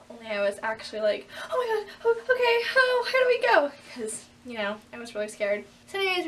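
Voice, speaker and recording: A teenage girl telling a story in a casual vlog, animated and acting out what people said. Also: far from the mic. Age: teens. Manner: animated, acts out quotes with big pitch jumps. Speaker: vlogger.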